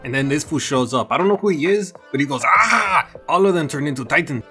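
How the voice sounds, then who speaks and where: A man's voice: fairly high pitch, lively intonation, fast, faint music behind. A man doing a comedic anime episode recap, mixing in Spanish slang and playful put-on voices.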